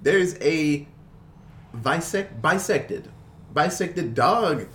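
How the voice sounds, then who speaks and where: A lively man chatting about a film, his pitch swinging widely as he acts out scenes and breaks into laughter. His voice sits a little high for a man, with faint background noise in the recording. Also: extremely slow. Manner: animated storyteller, laughs often, mimics characters. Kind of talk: casual movie recap chat.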